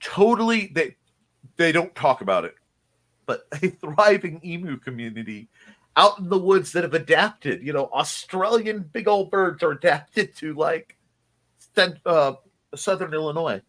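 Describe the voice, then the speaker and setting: A man's voice: on the high side, lively intonation, measured pace, a bit bright. Rambling, laughing man host. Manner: rambling, enthusiastic, laughs often, many restarts. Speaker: host of a live-streamed morning show. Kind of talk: casual live-stream chat.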